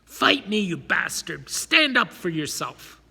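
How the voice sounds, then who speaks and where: Figure: a knife-wielding shoemaker who barks and screams, as a male reader plays him, bright husky voice. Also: on the high side, sing-song, slow pace, exaggerated voice. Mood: screaming. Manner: barking, screaming. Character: shoemaker man with knife, furious and frightened. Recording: long hall reverb.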